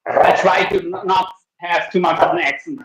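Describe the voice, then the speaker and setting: A man's voice: sits high, little pitch movement, normal speed, a loud crowd, poor audio. A man hosting a livestream, chatting casually and rambling while he cooks at home with his dog. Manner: rambling, restarts sentences. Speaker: livestream host. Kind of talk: casual chat while cooking. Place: home kitchen.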